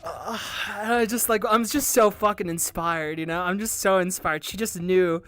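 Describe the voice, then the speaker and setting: A woman hosting a casual livestream, answering viewer questions in a rambling, excitable way, swearing and laughing often. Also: fairly low pitch, normal speed, no room sound. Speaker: VTuber livestream host.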